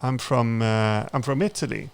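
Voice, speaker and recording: A podcast host, a man, telling an animated story in casual chat, acting out what people said and laughing along. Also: mid-range voice, normal speed, vocal fry, smooth. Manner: animated, laughing storyteller who acts out quotes.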